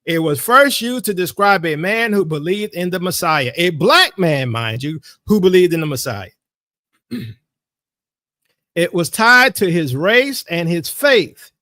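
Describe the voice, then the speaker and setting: A man's voice: high voice, big pitch swings, unhurried, pushed and bright, dry recording, clean studio sound. A man teaching in a sermon style, emphatic and insistent, repeating his key phrases for weight. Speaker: Bible teacher.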